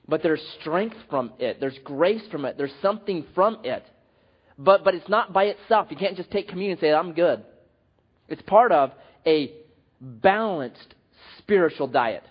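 A man preaching a sermon as pastor, telling a story with lively acted quotes. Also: fairly high pitch, slightly rough, lo-fi sound.

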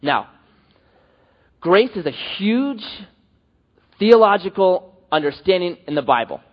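Male pastor, sermon, lively delivery, husky voice, dull lo-fi recording. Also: high voice, slow pace. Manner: animated, acts out quoted voices.

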